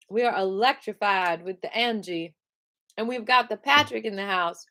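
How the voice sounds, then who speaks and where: A woman teaching a live-streamed qigong class, upbeat and playful, who slows into soft guided cues for breathing. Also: medium pitch. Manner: upbeat and playful, breaks into squeals of excitement.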